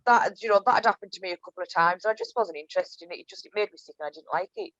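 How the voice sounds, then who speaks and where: With a Whitehaven accent from Cumbria, England, this woman, a business owner guesting on a relaxed podcast interview, races through chatty stories, restarting often and leaning on fillers. Her mid-range voice is a bit bright, and the dry lo-fi audio carries no room sound.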